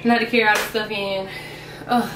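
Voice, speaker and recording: A woman's voice: medium pitch, flat delivery, quick pace, background noise. A young woman, chatting casually to her viewers at home about her groceries and calling them y'all. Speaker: vlogger. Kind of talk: casual grocery haul chat. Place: at home, indoors. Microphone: camera mic.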